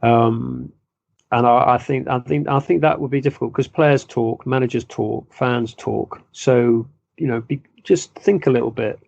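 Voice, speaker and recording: A man, a football journalist, giving measured, self-deprecating interview answers with frequent restarts. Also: medium pitch, gravelly, a little mellow, dry recording. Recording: dull lo-fi dry sound.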